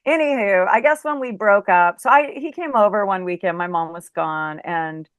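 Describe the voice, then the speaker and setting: A woman's voice: mid-range voice, normal speed, no room sound, highs cut off. A middle-aged woman, an interview guest, telling a story in casual chat with plenty of "like" and "you know" and acting out the lines she quotes. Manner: chatty, lots of fillers like "like" and "you know".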